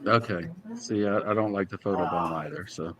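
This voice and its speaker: A man's voice: deep voice, brisk. A man co-hosting a podcast in casual chat, telling a story and acting out the people he quotes. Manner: animated storyteller, acts out quoted voices. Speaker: podcast co-host.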